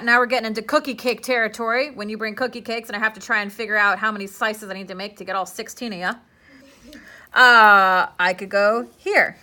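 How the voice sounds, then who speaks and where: Bright-voiced playful woman teaching a class. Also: medium pitch, steady tone, brisk. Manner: chatty, playful, asks the class questions. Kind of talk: live classroom lesson.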